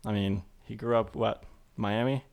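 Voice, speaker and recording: A young man co-hosting a casual sports podcast, talking fast with sarcastic banter. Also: on the low side, steady tone, creaky, a little mellow. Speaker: podcast co-host.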